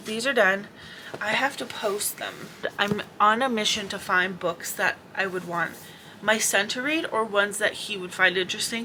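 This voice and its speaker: A woman in her thirties chats away at her home desk, her voice bright and forward. She mumbles, talks quickly and circles back on herself, restarting sentences as she goes. A faint hiss sits under the recording. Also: mid-range voice. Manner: fast, mumbly, rambling with restarts. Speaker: vlogger. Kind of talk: casual rambling vlog. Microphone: camera on desk.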